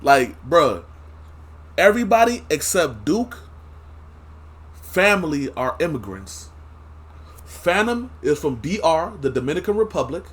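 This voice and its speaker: A man giving casual reaction commentary, slangy and animated, laughing often. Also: fairly high pitch, a little slow, pauses often, husky. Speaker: reaction streamer.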